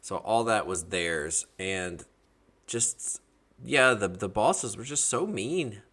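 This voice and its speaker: A man from Georgia hosting a podcast, telling his stories in a casual, animated and jokey way. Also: fairly low pitch, takes it slowly. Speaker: podcast host. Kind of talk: casual storytelling chat.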